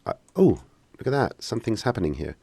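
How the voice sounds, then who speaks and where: Give me a man with a deep voice and a dry close sound, casually fielding questions in a live tutorial stream. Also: big pitch swings, fast talker, vocal fry, dark tone, breathy edge, no echo. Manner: casual, joking, hesitant with many fillers. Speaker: software instructor.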